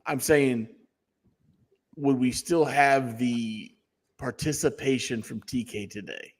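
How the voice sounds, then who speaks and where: On a wrestling podcast, a male co-host with a mid-range voice takes his time, talking bluntly and swearing freely in casual chat. The recording carries a long, echoey reverb.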